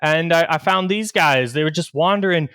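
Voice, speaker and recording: A man doing a jittery, high, boastful farm boy. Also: normal speed, fairly bright tone, clean tone, no room sound. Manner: nervous, stammering denials. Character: jittery young male wannabe trainer, boastful liar.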